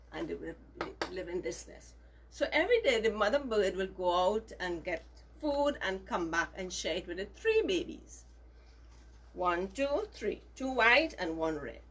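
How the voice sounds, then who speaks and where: A woman telling a story to children, gentle and emphatic, with lots of repetition. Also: medium pitch, breathy edge.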